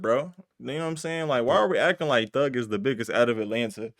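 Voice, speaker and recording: A man's voice: mid-range voice, animated, fast, few pauses, a bit bright, no room sound, studio quality. A man co-hosting a casual reaction chat, blunt, profane and slangy.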